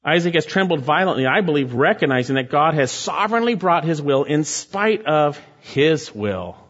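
A man preaches a sermon with rising, emphatic exhortations. His voice sits a little high. The recording sounds muffled and lo-fi. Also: animated, moderate pace, fairly bright tone. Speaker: pastor.

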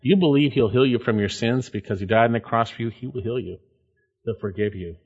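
A male pastor preaches in a mid-pitched voice, reading scripture and explaining it. He pushes his pitch and volume up and down for emphasis. The recording sounds muffled and lo-fi. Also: fast, a little mellow, breathy edge. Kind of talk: sermon.

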